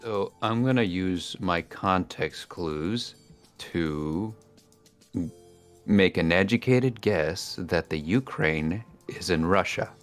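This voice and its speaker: A man's voice: low-pitched, slow pace, faint music behind. Playful punning man, easy laughter. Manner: playful, laughs a lot, loves puns. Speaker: guest. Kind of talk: casual livestream chat.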